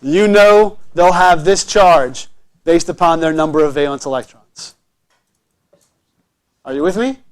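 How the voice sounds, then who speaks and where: High-voiced man teaching a chemistry class. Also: measured pace, long pauses, clear, resonant tone. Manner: encouraging, checks understanding often. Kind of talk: classroom lecture.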